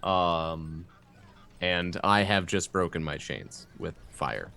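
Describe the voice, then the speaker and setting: Deep-voiced male tabletop player. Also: animated, takes it slowly, gravelly, a crowd in the background. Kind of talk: casual tabletop play.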